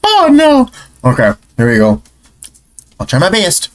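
Excitable young man streaming a game. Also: medium pitch, normal speed. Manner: excitable, swearing, frustrated outbursts. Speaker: gaming streamer. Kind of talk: live gameplay commentary. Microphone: headset. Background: game music.

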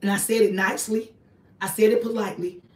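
A woman's voice: mid-range voice, steady tone, fast, darkish tone, recorded from a distance. A woman, talking to her viewers in a casual livestream from her apartment, emphatic and repetitive as she preaches. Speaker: online ministry host. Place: small home apartment, indoors. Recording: echoey room, voice off-mic.

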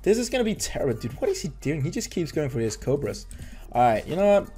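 A man's voice: fairly high pitch, very animated, quick pace, dark tone, faint music behind. A young man giving casual, nervous, rambling commentary over his own gameplay, often restarting his sentences. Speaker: gaming YouTuber.

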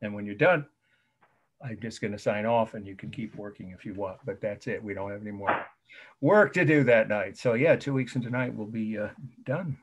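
A man lecturing on art history over a video call, slowly spelling out terms and repeating key points. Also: on the low side, breathy edge, muffled recording. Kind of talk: online lecture.

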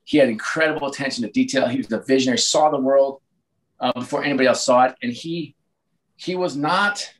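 A man in his late forties, a sports team executive as a podcast guest, telling stories in a lively way with frequent restarts. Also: mid-range voice, low-quality recording. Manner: animated, frequent restarts and repeated words. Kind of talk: casual interview storytelling.

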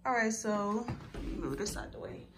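A woman's voice: mid-range voice, animated, normal speed, over loud music. A young woman vlogging casually from her bedroom, talking straight to her viewers in a slangy, chatty way. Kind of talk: casual chat to camera.

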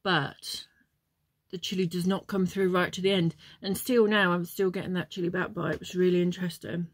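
A woman's voice: fairly low pitch, flat delivery, moderate pace, no room sound. A woman chatting casually as she tastes and reviews chocolates, wandering off into memories with plenty of ums. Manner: chatty, meandering, many ums. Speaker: vlogger.

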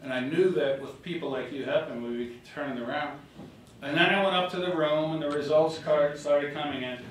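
An older man addresses a reception crowd in a political speech, telling stories with lively, acted-out quotes in a slightly high voice. He is heard from some distance in a very echoey hotel ballroom, with faint room noise behind him. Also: a little fast. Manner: storytelling, animated, acts out quotes. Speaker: former governor giving a speech.

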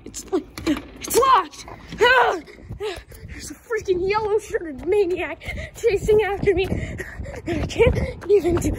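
A woman plays a jumpy purple pirate fox in a game role-play, whining and exasperated as he keeps running out of breath. The voice sits high and the delivery is slow and drawn out, with a faint hiss behind it. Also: animated, exaggerated voice. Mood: panicked. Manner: whiny, flustered and exasperated. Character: jittery purple male pirate fox, easily panicked.

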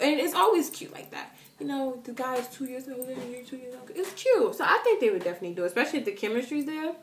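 A woman's voice: high-pitched, quick pace, few pauses, slight background noise. Chatty woman vlogger in an echoey room. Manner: chatty, animated, addresses viewers as girl and you guys. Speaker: vlogger answering viewer questions. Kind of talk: casual chat to camera.

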